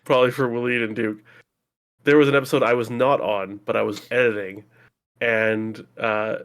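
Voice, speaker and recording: A man's voice: mid-range voice, steady tone, moderate pace, fairly bright tone. A man co-hosting a casual podcast chat, self-deprecating and hesitant, often stumbling over words.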